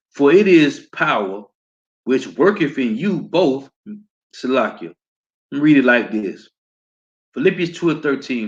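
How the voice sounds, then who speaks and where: A man with an American accent teaching scripture, reading verses slowly and often ending with "man.". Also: medium pitch. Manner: reads verses slowly, repeats "man" as a tag. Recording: dull lo-fi sound.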